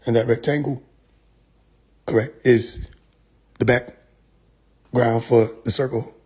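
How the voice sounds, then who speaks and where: A man's voice: mid-range voice, steady tone, slow, darkish tone, slightly rough, pitched below the performer's own voice. A man putting on the voice of an evasive male street book seller who rambles in circles, asking "correct?" after each point. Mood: evasive, rambling. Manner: circular pseudo-mystic rambling, keeps asking "correct?".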